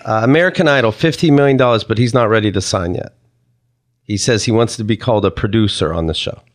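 A man's voice: lowish voice, fast. A man co-hosting a casual chat, wry and joking, asking questions.

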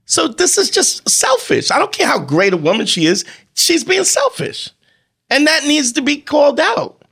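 A man's voice: very high-pitched, big pitch swings, moderate pace, vocal fry, sharp tone. A man in casual chat, telling a profane story with lots of acted-out dialogue.

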